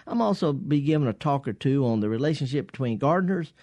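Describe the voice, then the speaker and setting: A man's voice: mid-range voice, expressive, quick pace, darkish tone, no room sound. Folksy man hosting radio. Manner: rambling, folksy, many restarts and fillers. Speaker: radio garden show host. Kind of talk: casual call-in radio chat. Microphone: studio microphone.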